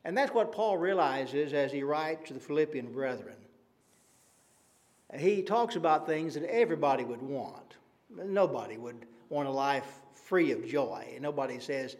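A man's voice: on the high side, lively intonation, a little slow, a little mellow. Earnest conversational male preacher. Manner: earnest and conversational, rhetorical questions, frequent "uh" fillers. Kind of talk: evening sermon.

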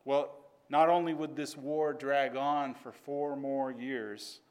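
A man telling a story to a class in an earnest, measured way. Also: medium pitch, steady tone, clean tone.

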